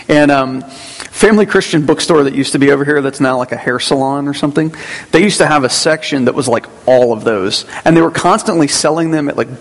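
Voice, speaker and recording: A man preaching a Sunday sermon as pastor in a church, in a conversational way with asides and restarts. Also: mid-range voice. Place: church sanctuary. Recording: long hall reverb.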